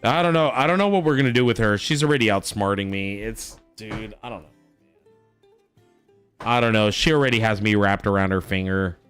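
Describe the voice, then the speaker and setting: A man's voice: on the low side, brisk, clear, resonant tone, dry recording, soft background music. A man streaming a game, telling stories about his toddler in a casual, swearing chat. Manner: animated storytelling, swearing. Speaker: father.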